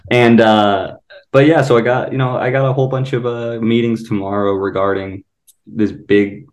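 A man's voice: mid-range voice, steady tone, moderate pace. A man comedian on a podcast over a video call, rambling about his busy week with dry self-mockery. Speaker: comedian guest. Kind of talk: casual chat.

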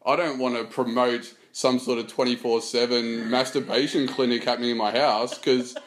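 A man's voice: medium pitch, steady tone, moderate pace, a little hiss or hum. A middle-aged man, co-hosting a casual comedic chat with rambling, crude jokes. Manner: joking, rambling, crude humor. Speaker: podcast co-host.

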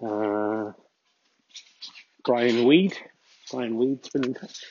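A man's voice: mid-range voice, extremely slow, pauses often, a little mellow, lo-fi sound, slight background noise. A man hosting a podcast, rambling dryly and mocking himself while walking his dog outdoors. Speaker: podcast host. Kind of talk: casual walking monologue.

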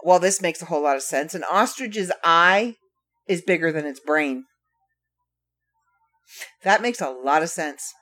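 Lively, slow-talking woman podcast host. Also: lowish voice, faint music behind. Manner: playful, wry asides to listeners. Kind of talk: casual solo podcast, reading trivia.

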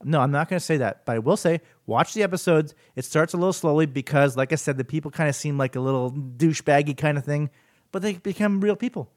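A man hosting his own podcast in a solo rant, with a lively, swinging delivery. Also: fast talker, no room sound, clean studio sound. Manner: animated ranting, swings up and down in pitch. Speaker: podcast host.

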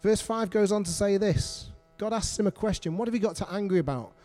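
A man's voice: sits high, a little fast, mellow, soft background music. A middle-aged man preaching a sermon, earnest and repetitive, putting questions to the congregation.

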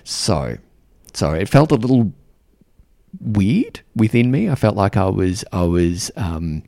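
A man's voice: lowish voice, sing-song, slow, vocal fry, warm tone, dry recording, clean studio sound. A man hosting a podcast, telling a self-deprecating story in a casual, reflective monologue. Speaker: podcast host.

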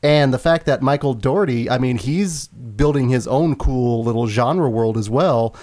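A man hosts a relaxed podcast chat with a mid-range voice. He keeps the talk moving and puts questions to the panel. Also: medium pitch, normal speed. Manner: moderating, asks the panel questions. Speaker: podcast host. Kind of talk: casual podcast discussion.

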